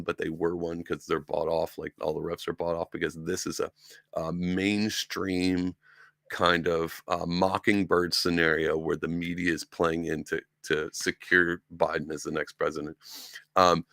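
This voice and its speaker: A man's voice: low voice, little pitch movement, moderate pace, vocal fry, fairly bright tone, dry recording, clean studio sound. A man hosting a solo talk show, rambling and sarcastic, with lots of ums and restarts. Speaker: podcast host. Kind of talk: casual solo commentary. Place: room with sci-fi collectibles behind him.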